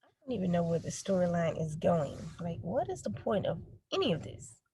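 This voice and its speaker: A woman's voice: lowish voice, sing-song, fairly quick, dark tone, breathy edge. A woman co-hosting a casual TV review chat, making blunt, exasperated remarks.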